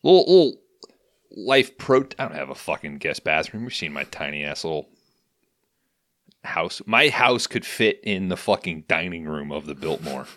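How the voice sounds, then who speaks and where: A man in casual chat, telling crude, animated stories about the dentist. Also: deep voice, moderate pace, no room sound, clean studio sound. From St. Louis.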